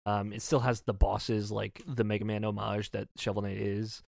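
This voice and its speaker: A man's voice: fairly low pitch, level tone, moderate pace, gravelly, a little mellow, dry recording, studio quality. A man reviewing a video game in a casual discussion, talking eagerly and rambling with lots of fillers. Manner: enthusiastic, rambling with many fillers.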